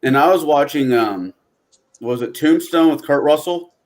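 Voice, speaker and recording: A man's voice: a little high, normal speed, darkish tone. A man chatting casually on a tabletop gaming podcast, talking in a rambling, reflective way. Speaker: podcast co-host.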